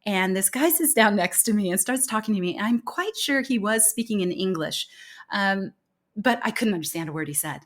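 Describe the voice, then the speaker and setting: A communication consultant from the United States appears as a guest in an interview, earnestly explaining her views and acting out the speech she quotes. Her voice is medium in pitch and expressive, moving at a moderate pace.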